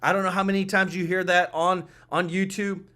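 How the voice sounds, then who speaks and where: A man's voice: high-pitched, level tone, fairly quick, sharp tone. A man hosting a political commentary show, talking emphatically and often repeating himself as he speaks to his viewers. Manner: emphatic, repetitive, addresses viewers and chat.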